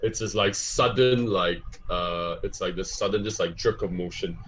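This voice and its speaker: A man narrates a tabletop game as game master in a lowish voice. He rambles and restarts his sentences, piling up fillers as he describes the scene. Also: normal speed, a bit bright, slight background noise.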